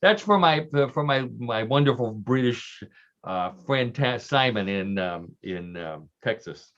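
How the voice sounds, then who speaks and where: A man's voice: medium pitch, expressive, measured pace, fairly bright tone. A man telling offbeat stories in casual radio chat, joking and laughing along with his own tales. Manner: chatty storyteller, lots of fillers and restarts, laughs at own jokes. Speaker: regular radio show guest. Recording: dull lo-fi radio sound.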